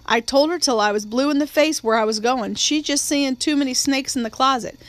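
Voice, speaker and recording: A woman's voice: high voice, a little fast, close to an everyday voice. A blunt, cynical young boy grumbles his complaints, voiced by a woman reading the book. He sounds stubborn and plain-spoken. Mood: grumbling.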